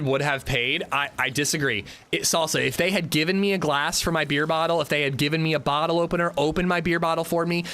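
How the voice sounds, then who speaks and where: A man in his thirties livestreaming from a room at home, telling a story in casual chat as an indignant, animated ranter. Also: a little high. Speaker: livestreamer playing a survival game.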